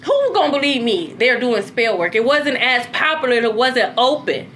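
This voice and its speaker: High, bright-voiced woman ranting. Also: moderate pace, a little hiss or hum. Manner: animated, swings from low to high, curses freely. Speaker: spiritual content creator. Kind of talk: casual monologue.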